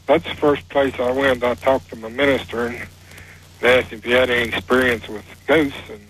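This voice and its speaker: Husky man calling a radio show, plain and halting delivery. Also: mid-range voice, fairly even intonation, a bit bright, rough recording. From West Virginia. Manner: plain-spoken, rambling, halting with fillers. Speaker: caller. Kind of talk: telling a personal story on a call-in show.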